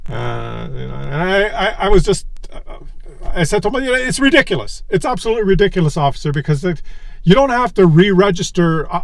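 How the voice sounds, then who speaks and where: A man vlogging from his parked car, telling an animated, digressive story and chuckling as he goes. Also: sits high, creaky, no echo. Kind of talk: rambling storytelling monologue.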